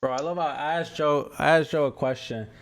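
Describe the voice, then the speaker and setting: A man's voice: a little high, steady tone, fairly quick. A man hosting a podcast. He teases his guest, laughs often, and stumbles over repeated words while getting to his questions. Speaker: podcast host. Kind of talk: casual podcast chat.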